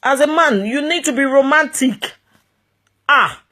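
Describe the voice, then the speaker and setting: A woman with a Nigerian accent giving marriage advice in an animated monologue, emphatic and repetitive, full of exclamations and pidgin phrases. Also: high-pitched, unhurried.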